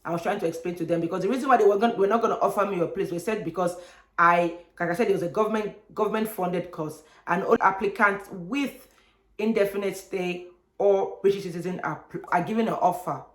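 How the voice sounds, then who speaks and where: A young woman, telling a personal story on her vlog in an animated way and acting out other people's voices. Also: mid-range voice, a little fast. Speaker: vlogger. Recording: echoey room.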